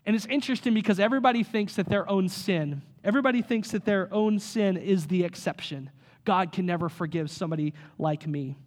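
A man in his thirties, a pastor, preaching a sermon in an energetic, conversational way with rhetorical questions. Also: sits high.

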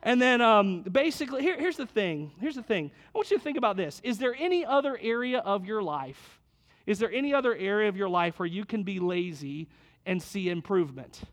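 Homem pregando com voz aguda e coloquial. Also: male voice, high-pitched, animated, brisk. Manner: conversational, repeats key phrases, jokes with listeners. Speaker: pastor. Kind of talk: sermon.

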